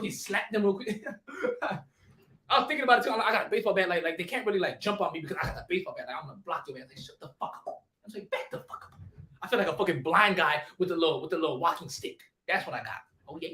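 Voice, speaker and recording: A young man streaming casually, talking fast in heavy slang while answering chat questions. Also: high voice, pushed and bright.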